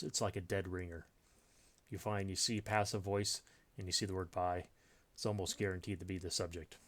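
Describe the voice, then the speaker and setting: Low-voiced man teaching grammar. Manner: unscripted, thinking aloud with many fillers and restarts. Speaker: writing teacher. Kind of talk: explaining grammar in a recorded lesson.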